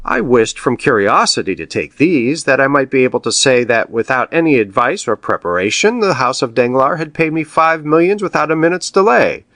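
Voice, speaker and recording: A cool, wealthy count speaks with polite, measured irony, as a man reads him. His voice moves lively in pitch, recorded dry and close. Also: dry recording. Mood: composed.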